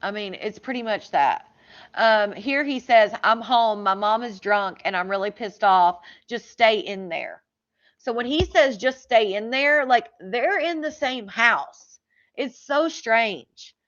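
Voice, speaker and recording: A woman with a fairly high voice talks through a true crime case in a loose, chatty way, leaning on "like" and tossing in disbelieving asides as she reads messages aloud. The audio is slightly dull and lo-fi. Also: animated, unhurried, a bit bright. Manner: chatty, says "like" a lot, incredulous asides. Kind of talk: casual true crime chat reading texts aloud.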